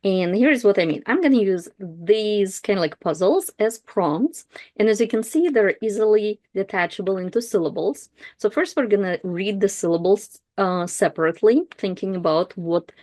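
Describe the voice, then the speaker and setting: A woman teaching a language lesson, pronouncing sounds and syllables slowly and carefully for beginners. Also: mid-range voice, expressive, warm tone, no room sound, clean studio sound. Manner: slow, careful, drawing out sounds and syllables for learners.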